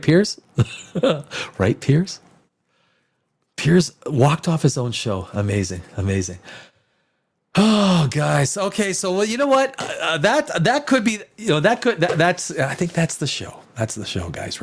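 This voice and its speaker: A man's voice: fairly high pitch, huge pitch swings, takes it slowly. A man hosting a live stream in casual chat, rambling and profane, with many restarts. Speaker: live show host.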